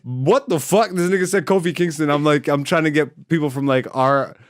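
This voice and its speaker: A man hosting a casual podcast, bantering loudly with crude, profane jokes and big outbursts of laughter. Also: a little high, brisk, dry recording, studio quality. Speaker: podcast host.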